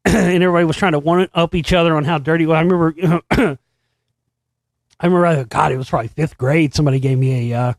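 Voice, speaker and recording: A middle-aged man hosting a show, telling a story in a casual, profane, animated way and laughing as he goes. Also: fairly high pitch, creaky, no room sound, clean studio sound. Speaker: podcast host.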